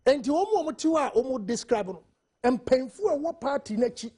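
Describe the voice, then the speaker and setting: A man's voice: very high voice, expressive, fairly quick, mellow, husky. A Ghanaian man speaking emphatically on a TV panel, switching between Twi and English. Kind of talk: TV studio panel discussion.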